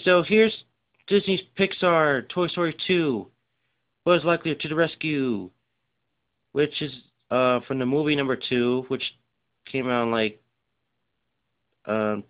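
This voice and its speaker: A tired-sounding man with a smooth, resonant, medium-pitched voice rambles through a loose show-and-tell of his game collection. He speaks in a hurry, with lots of fillers and rushed side remarks, clearly improvising. The recording sounds dull and lo-fi.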